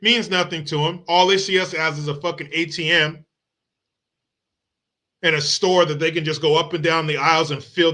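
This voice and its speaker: Man, middle-aged, bright forceful voice, slightly high pitch, heated profane rant, political commentary. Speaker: show host.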